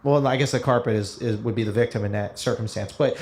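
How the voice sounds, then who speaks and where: A man's voice: lowish voice, fast, darkish tone. A man making an emphatic, argumentative point in a podcast rant.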